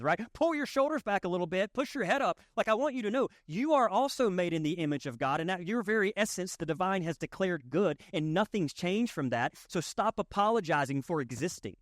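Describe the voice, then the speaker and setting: A man's voice: high-pitched, no room sound, studio quality. A man with a Southern accent giving a conversational sermon as pastor, joking and repeating lines for emphasis. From Southern United States. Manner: folksy, joking, emphatic repetition.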